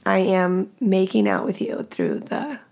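A woman's voice: mid-range voice, sing-song, a little slow, vocal fry, a little mellow. A woman in her early thirties hosting her own podcast, talking candidly and profanely in casual solo chat. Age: early 30s. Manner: candid, profane and chatty, with laughs. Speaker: podcast host.

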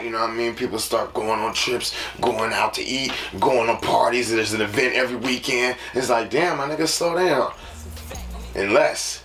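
A man's voice: medium pitch, a bit bright. A man hosting a casual solo podcast, rambling and preachy, often tagging lines with "you know what I'm saying.". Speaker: podcast host. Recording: roomy, distant mic with noise.

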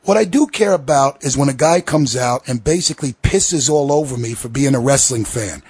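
A man's voice: mid-range voice, expressive, normal speed, a little mellow, husky, dry recording. A man hosting a podcast, delivering a profane, sarcastic, heated rant. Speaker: podcast host. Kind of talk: ranting podcast commentary.

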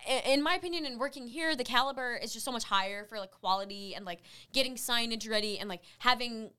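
Animated young woman, bright and high. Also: quick pace, clean tone. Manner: animated storyteller, acts out quotes. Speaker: podcast co-host. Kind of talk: casual chat. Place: radio station studio.

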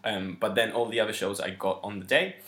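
Speaking a little fast with a lowish, somewhat bright voice, a man co-hosts a podcast in casual conversation. He's chatty and organized though hesitant, with frequent ums and restarts, and the room sounds echoey.

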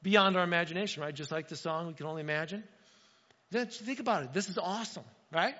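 Bright-voiced pastor preaching in a hall. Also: male voice, high-pitched, brisk. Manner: conversational, asks the room "right?" often, acts out little dialogues. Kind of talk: sermon. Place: church hall. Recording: dull, reverberant hall sound.

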